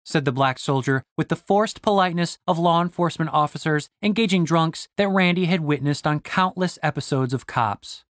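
A man narrating an audiobook in a wry, expressive way. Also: on the high side, normal speed, few pauses, no room sound, studio quality.

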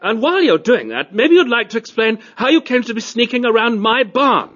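A man narrating a storybook and voicing a cultured, disdainful male cat aristocrat with a high, reedy tenor voice. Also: big pitch swings, brisk, fairly bright tone, muffled recording, heavily acted. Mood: weary. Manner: fussy, disdainful, plummy.

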